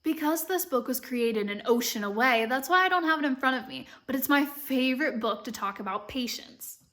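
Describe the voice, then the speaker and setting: A woman teacher from Ohio with an American accent, giving an animated children's read-aloud full of questions for the listener. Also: sits high, brisk. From Ohio, United States. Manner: animated, asks the listener questions, dips into a light British accent while reading.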